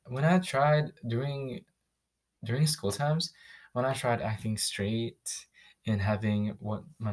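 A young man from the Philippines hosting a podcast, telling his own story in a casual, candid, profane way with quick restarts. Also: on the low side, a little hiss or hum. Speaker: podcast host.

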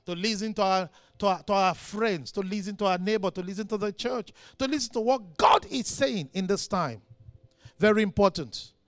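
A man preaching a sermon as pastor, impassioned, swinging between shouted lines and quiet ones. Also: sits high, moderate pace, no echo, clean studio sound.

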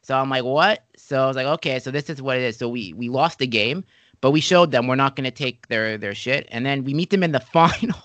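A man's voice: medium pitch, fast talker, dry recording. A man hosting a casual interview podcast, telling stories animatedly and acting out quotes. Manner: animated storyteller, acts out quotes. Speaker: podcast host.

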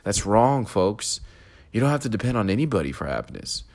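A man with a very low, deep voice hosts a solo podcast. He talks through his thoughts in a reflective way, speaking his mind and keeping a steady rhythm to his speech. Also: a little fast. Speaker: podcast host.

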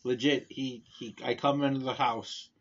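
A man co-hosting a casual podcast, teasing and laughing often, with a husky voice. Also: mid-range voice, steady tone, normal speed. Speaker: podcast co-host. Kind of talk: explicit casual chat. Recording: dull lo-fi recording.

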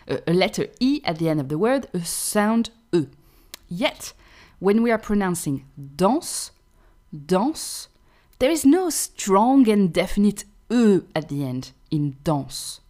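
A woman's voice: medium pitch, a little mellow. A French woman with a French accent, giving an online French pronunciation lesson and patiently checking in with her listeners. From France. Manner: explains patiently, often checks with "right?". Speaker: French teacher.

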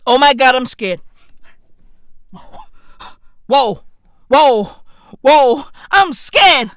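A high, bright-voiced woman rattles off profane comedic reaction commentary, her pitch swinging wildly as she repeats lines for effect. She talks in an unhurried, drawn-out way. The sound is close and dry. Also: no room sound. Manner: excitable, swearing, repeating phrases for effect.

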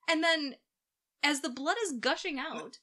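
A woman's voice: high voice, sharp tone. A woman co-hosting a podcast in casual chat, giggly and playful with wordplay. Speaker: podcast co-host.

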